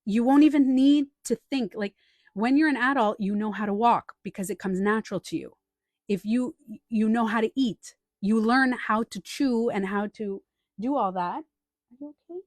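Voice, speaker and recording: Animated woman coaching on a live stream. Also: a little high, moderate pace, dry recording. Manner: animated, acts out quoted inner voices, laughs and trails off.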